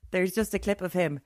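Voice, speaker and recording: A woman co-hosting a casual chat, animated and laughing between quick asides. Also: lowish voice, no echo, clean studio sound. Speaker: podcast co-host.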